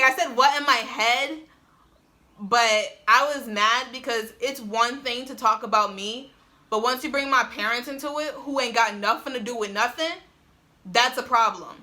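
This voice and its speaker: A woman's voice: on the high side, bright, forceful tone. A young woman telling a personal story in a casual vlog, chatty and full of "like", laughing often, filmed on a phone on a tripod. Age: young adult. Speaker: vlogger. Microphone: phone camera on tripod.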